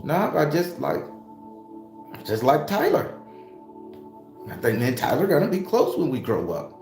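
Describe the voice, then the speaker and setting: The spiritualist YouTuber speaks on the high side with huge pitch swings, an unhurried pace and a creaky, darkish tone. Facing the camera, he gives an impassioned spiritual talk full of swearing and preacher-like rhetorical questions, recorded in an echoey room with faint music.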